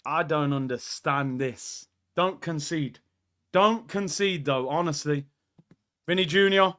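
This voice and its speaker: Bright, high-voiced excitable male streamer. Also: unhurried. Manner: excitable, reacts aloud to live play and reads chat. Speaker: watchalong host. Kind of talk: live football watchalong reaction. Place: indoor room.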